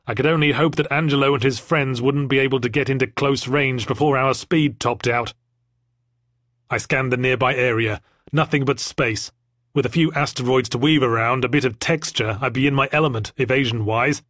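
A man's voice: medium pitch, fairly bright tone, no room sound. Dry, wry male audiobook narrator. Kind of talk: first-person comic narration.

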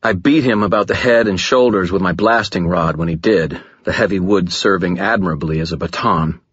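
Male audiobook narrator, deep husky voice, dry close mic, muffled lo-fi sound. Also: brisk, no room sound. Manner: gritty, dramatic, low and steady. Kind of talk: first-person audiobook narration.

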